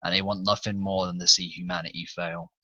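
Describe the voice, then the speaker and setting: Deep-voiced man playing a gruff sergeant. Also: little pitch movement, brisk, pushed and bright, dry recording, lo-fi sound. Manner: gruff, commanding sergeant talk. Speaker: player. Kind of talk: in-character tabletop play.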